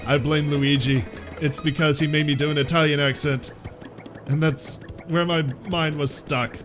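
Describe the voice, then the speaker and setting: Self-mocking let's play host. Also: male voice, fairly high pitch, fairly even intonation, moderate pace. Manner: self-mocking, exasperated asides. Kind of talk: casual game commentary. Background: game music.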